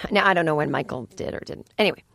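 A woman's voice: deep voice, fast talker, vocal fry, a bit bright, no room sound. A woman hosting a podcast in a studio, chatting in a rambling way with sarcastic asides. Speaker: podcast host. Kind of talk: casual solo podcast chat. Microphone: studio microphone.

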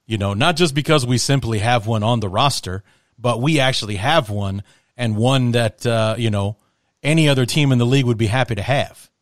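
A man's voice: mid-range voice, brisk, no room sound, clean studio sound. A man hosting a podcast, chatting casually about football, rambling with frequent restarts and laughs. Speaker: podcast host. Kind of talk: casual sports chat.

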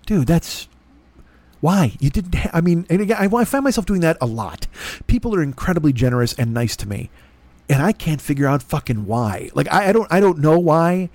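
Man, middle-aged, podcast monologue, self-deprecating, profane, slightly high voice, very animated. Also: a little fast, no room sound. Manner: rambling, self-deprecating, profane, acts out both sides of conversations. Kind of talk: casual storytelling monologue. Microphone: laptop recording.

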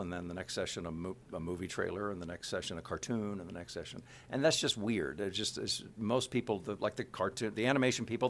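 A middle-aged man from Kansas City, a voice actor chatting in an interview and slipping into character voices as he talks. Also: on the low side. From Kansas City, USA. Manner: animated, slips into character voices mid-sentence. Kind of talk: casual interview chat.

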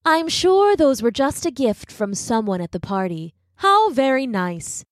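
A woman reading a gentle, indulgent mother with slow, soothing speech and a slightly lifted voice. The sound is close and dry. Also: high-pitched, very animated, no echo, pitched above the performer's own voice.

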